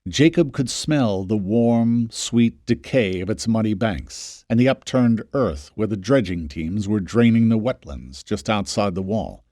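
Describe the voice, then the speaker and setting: Male audiobook narrator, lively pitch, dry close studio sound. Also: a little slow, few pauses, dry recording. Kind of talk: scripted narration.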